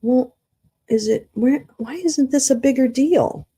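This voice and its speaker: A woman's voice: sits high, unhurried, warm tone, slightly rough. A woman hosting a casual livestream, talking to her chat, humming to herself, swearing and getting flustered while she searches for something. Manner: flustered and confused, talks to chat. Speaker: livestream host.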